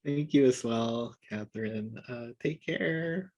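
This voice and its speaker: A man on a video call talking slowly at a middle pitch. He hesitates often and fills the gaps with ums and soft, shy laughs. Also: lo-fi sound. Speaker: film director, guest. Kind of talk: casual video-call interview.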